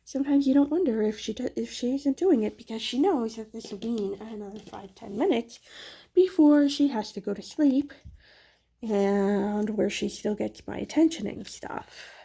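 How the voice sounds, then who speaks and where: With a fairly high, gravelly, husky voice and a warm tone, a craft vlogger and mom talks at a moderate pace while working on a project for her channel. Her chat is rambling, candid and self-deprecating.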